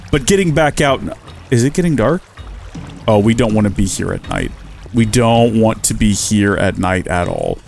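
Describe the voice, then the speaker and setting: American guy narrating his survival game, bouncy pitch, jokes at the animals, bit of music under it. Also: vocal fry. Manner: chatty, jokey, talks to the animals. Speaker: let's player. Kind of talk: gameplay commentary.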